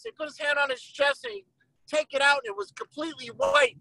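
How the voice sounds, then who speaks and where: A high, bright voice swings widely in pitch with a gravelly edge. The speaker tells a story animatedly on a video call, slipping into the voices of the people being quoted. The sound is close and dry, with no room echo. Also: brisk. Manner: animated storyteller who acts out quoted lines. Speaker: guest speaker on a group call. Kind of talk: motivational talk with a retold story.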